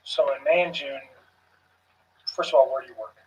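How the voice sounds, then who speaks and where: Calm guy running a police interview, slow careful questions, dull far-off sound. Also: medium pitch. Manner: calm, measured questioning with frequent pauses. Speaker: police investigator. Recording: muffled, distant room recording.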